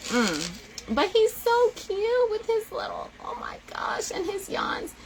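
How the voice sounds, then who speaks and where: A young woman talking casually to her viewers, animated and emotional, often gushing. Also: very high-pitched, takes it slowly, gravelly, background noise. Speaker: vlogger.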